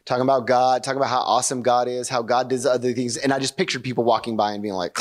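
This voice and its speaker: Brief: male pastor, mid-pitched, casual sermon storytelling, lively, acts out dialogue. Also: fast. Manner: animated, chatty, acts out quotes with rising pitch. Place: church service.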